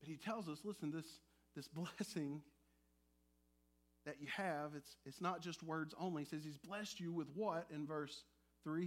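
High-pitched guy preaching a sunday sermon, chatty and animated, teasing the congregation. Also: brisk. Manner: animated, conversational preaching with playful asides to the congregation. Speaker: pastor. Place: church sanctuary.

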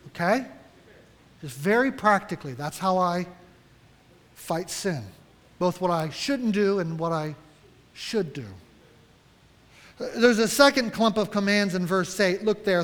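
Male pastor, high voice, earnest sermon with questions to the flock, reverberant church hall. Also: lively intonation, measured pace, pauses often, fairly bright tone. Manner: earnest, direct, asks the congregation questions.

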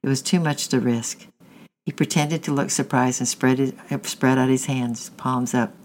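A man reading a storybook chapter aloud in a steady narration, often correcting himself mid-phrase. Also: medium pitch, normal speed, a little hiss or hum, low-quality recording. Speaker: audiobook reader.

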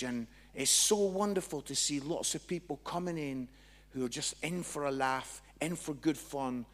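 A Scottish man, a Christian comedian, telling a humorous testimony in an animated, jokey storytelling way. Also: on the high side, long reverb tail. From Scotland.

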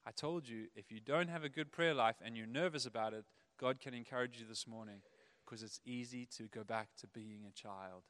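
A man preaching a sermon, animated, acting out the voices of the people in his stories. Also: mid-range voice, moderate pace, clean tone. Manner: animated, acts out quoted voices. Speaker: pastor.

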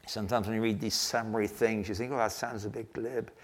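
An older man preaching a sermon, telling a story earnestly and slowing down to stress key phrases. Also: fairly low pitch, flat delivery. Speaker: pastor.

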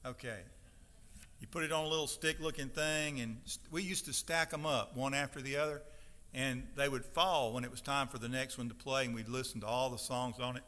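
A man's voice: medium pitch, steady tone, a little fast. A man in his fifties preaching a sermon to his congregation, talking plainly and then raising his voice to stress the words when he reads scripture. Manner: emphatic preaching, rising to loud scripture readings. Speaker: pastor. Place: church sanctuary. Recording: long hall reverb.

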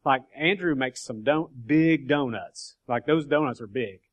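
A man teaching a relaxed Bible study group, speaking at an ordinary middle pitch. He talks in a loose, conversational way, stopping often to ask his listeners whether they are following and restarting his sentences as he goes. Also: moderate pace. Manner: conversational, frequent "okay?" check-ins and restarts.

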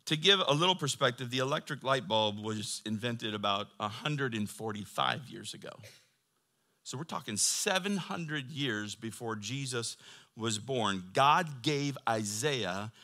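A man's voice: medium pitch, sharp tone. A man preaching a sermon to his church in a conversational, joking way, reading scripture between asides. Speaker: pastor.

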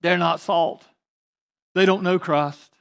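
A man preaching a sermon as pastor, swinging between emphatic rising bursts and quiet asides. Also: high-pitched, fairly even intonation, slow pace, gravelly. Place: church sanctuary.

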